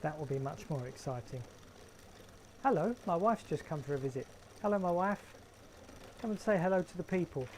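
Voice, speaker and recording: A man's voice: a little high, animated, a little fast, pauses often, darkish tone, slight background noise, rough recording. A man with a London accent hosting a casual live stream from his garden shed, chatting with viewers in a wry, joking way. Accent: London English. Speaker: livestream host.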